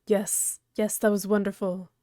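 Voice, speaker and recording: A woman's voice: medium pitch, level tone, measured pace, warm tone, no echo, studio quality, lightly acted. A woman voicing a prim, snobbish and very strong male troll aristocrat, haughty and formal, reading a webcomic aloud. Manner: haughty, fussy, formal wording.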